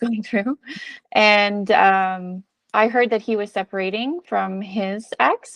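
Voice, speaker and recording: A woman's voice: mid-range voice, dry recording. A woman guest in a casual conversation, speaking earnestly and rambling with frequent fillers.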